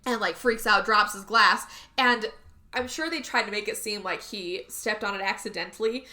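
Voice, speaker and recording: A woman co-hosting a podcast recaps a movie in casual chat, speaking at normal speed in a mid-range voice. Her retelling is animated as she acts out the characters, swearing and laughing along the way.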